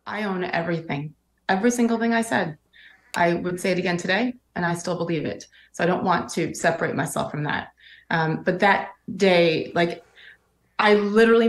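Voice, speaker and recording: A woman's voice: on the low side, moderate pace. Candid woman guest in a roomy clip. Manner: candid, earnest, with fillers like "like" and "um". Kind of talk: interview clip.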